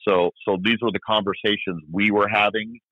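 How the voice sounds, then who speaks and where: A man, a former police officer, recounting events in an interview, halting with many fillers and restarts. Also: on the low side, steady tone, no room sound. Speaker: retired police officer guest. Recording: dry, tinny phone-like line.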